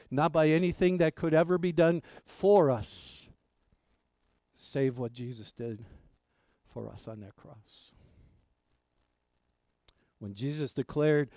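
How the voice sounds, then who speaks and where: A man preaching a sermon. He repeats key phrases slowly and with weight, moving between hushed lines and loud declarations. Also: mid-range voice, no room sound. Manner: preaching with slow emphatic repetition, swinging from hushed to loud. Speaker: pastor.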